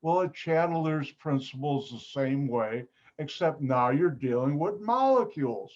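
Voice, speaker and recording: Playful Chicago chemistry teacher on a call. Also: male voice, animated, moderate pace, a little mellow. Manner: playful, jokey teacher with sudden high exclamations. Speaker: chemistry lab instructor. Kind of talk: online class lecture. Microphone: video call. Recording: slightly dull video call audio.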